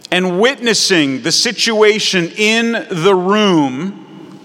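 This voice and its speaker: A man preaching a sermon as pastor, animated and acting out little scenes as he explains. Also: high-pitched. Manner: animated, acts out scenes in voices. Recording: long hall reverb.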